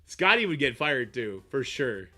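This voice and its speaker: A man streaming live, chatting casually with viewers, swearing often and getting animated. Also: mid-range voice, a little slow, soft background music. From Canada. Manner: profane, animated, answers chat. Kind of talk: casual livestream chat.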